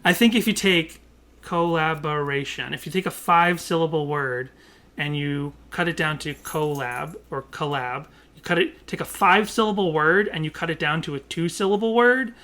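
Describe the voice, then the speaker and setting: A man's voice: fairly high pitch, a little fast, pushed and bright. A man co-hosting a podcast, chatting casually and playfully ranting about a pet peeve. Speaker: podcast co-host. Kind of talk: casual chat.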